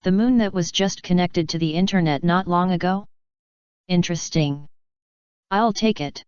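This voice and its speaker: A woman's voice: lowish voice, normal speed, a little mellow, smooth, no room sound, dull audio, lightly acted. A woman reading the lines of an arrogant, impatient male ninja in a brusque, curt way.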